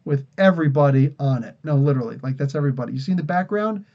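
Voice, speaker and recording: A man's voice: fairly high pitch, very fast, dull audio. A man from New Jersey hosting a casual comics podcast livestream, tired and rambling, laughing often. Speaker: podcast host.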